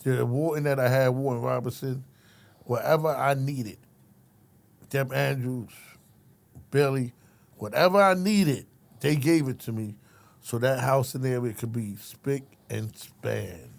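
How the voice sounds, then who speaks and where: This ex-correctional officer, middle-aged, speaks in a gravelly, medium-pitched voice at a measured pace, leaving long pauses. In casual conversation he spins an animated, streetwise, foul-mouthed story, voicing the people involved and calling his listener by name again and again.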